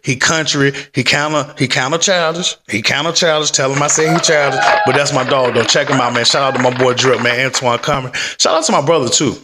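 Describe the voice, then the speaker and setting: A man's voice: mid-range voice, fairly even intonation, fairly quick, few pauses, noisy background. A man chatting loosely from a desk at home in a rambling, slangy vlog. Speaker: stock-market vlogger. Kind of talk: casual rambling vlog chat.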